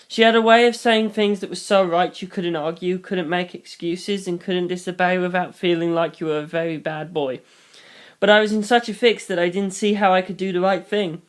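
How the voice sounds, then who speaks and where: A channel host reads a fan novel aloud in the first person, voicing a boy narrator at a plain, middle pitch. Dry, deadpan humor slips into the asides.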